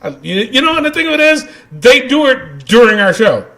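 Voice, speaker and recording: A man co-hosting a casual podcast, animated and quick to vent, laughing often as he talks. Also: extremely high pitch. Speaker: podcast co-host. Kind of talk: casual chat.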